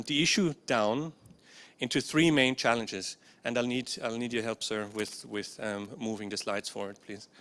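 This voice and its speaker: A man's voice: mid-range voice, a bit bright, smooth. A man presenting a conference workshop session into a microphone indoors. He speaks hesitantly, with many fillers, and often checks in with the audience. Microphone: handheld or stand microphone.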